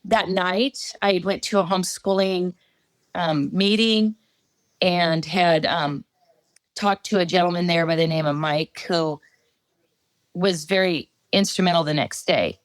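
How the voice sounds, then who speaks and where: A middle-aged woman giving a personal testimony as a podcast guest, halting storytelling with many fillers. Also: fairly low pitch, fairly even intonation, no room sound.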